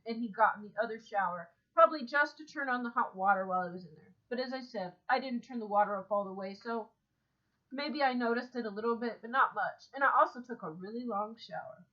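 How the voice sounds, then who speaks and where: Woman, casual vlog monologue, calm matter-of-fact storytelling, somewhat high voice, dull lo-fi recording. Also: a little fast. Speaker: vlogger. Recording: dull lo-fi sound.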